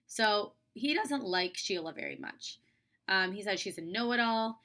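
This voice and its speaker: Young woman teacher, chatty read-aloud lesson, bright clear voice. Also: mid-range voice, normal speed. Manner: casual, chatty, lots of "like" and "um". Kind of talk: reading aloud and explaining a lesson.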